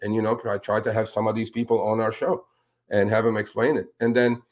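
A man hosting a talk show, speaking in casual, animated commentary that turns indignant as he calls out politicians with a pointed "sir". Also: fairly low pitch, a little fast. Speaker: podcast host.

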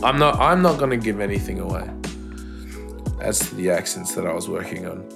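Joking young Australian man, lively voice. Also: low voice, fairly quick, gravelly, music in the background. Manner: playful, jokey, swearing freely. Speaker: podcast co-host. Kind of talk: casual chat. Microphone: home podcast mic over a call.

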